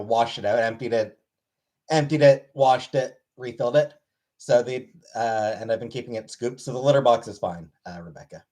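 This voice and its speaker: A man's voice: mid-range voice, darkish tone. Laid-back man greeting viewers on stream. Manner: laid-back, greets viewers one after another by name; dry, offhand replies. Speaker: live streamer. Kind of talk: casual livestream chat, reading and answering chat.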